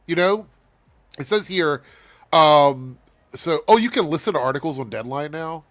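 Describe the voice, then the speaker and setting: A man's voice: a little high, lively intonation, normal speed, fairly bright tone. A man hosting a casual live show, talking loosely and bluntly with frequent swearing. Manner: loose and profane, laughing. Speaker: host. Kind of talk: casual chat.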